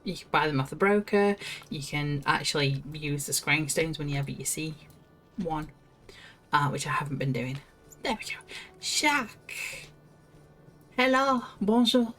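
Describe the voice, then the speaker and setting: A woman's voice: low-pitched, expressive, moderate pace, a bit bright, faint music behind. Chatty woman streaming a game. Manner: chatty, giggly, talks to herself. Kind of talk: casual gameplay commentary, reading quest text aloud.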